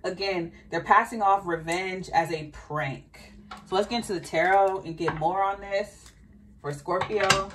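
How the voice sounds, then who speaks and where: A woman's voice: medium pitch, a little slow, distant mic, very noisy. A woman with a slight Southern American accent, giving a chatty, think-aloud tarot reading to her viewers. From Southern United States. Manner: chatty, thinking aloud, repeats questions to spirit. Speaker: tarot reader. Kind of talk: casual tarot reading monologue.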